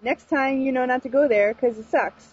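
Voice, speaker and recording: A woman's voice: high-pitched, normal speed, husky, no echo. A woman chatting casually as a podcast guest, laughing and playfully mocking. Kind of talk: casual chat. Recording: lo-fi voice chat with faint noise.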